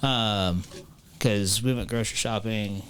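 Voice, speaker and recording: Swearing restaurant owner telling stories. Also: male voice, lowish voice, unhurried, a bit bright, a little hiss or hum. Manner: swears freely, tells stories. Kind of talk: casual podcast chat.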